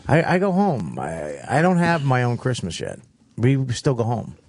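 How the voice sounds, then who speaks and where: A man's voice: mid-range voice, big pitch swings, normal speed, gravelly, a little mellow. A man guesting on a radio show, blunt and heckling in crude banter. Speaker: comedian guest.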